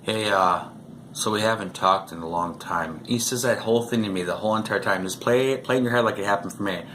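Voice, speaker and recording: A man's voice: lowish voice, fairly quick, fairly bright tone, a little hiss or hum. A man vlogging, telling rambling stories in a casual way, chuckling often and saying "you know" a lot. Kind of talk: casual storytelling to camera.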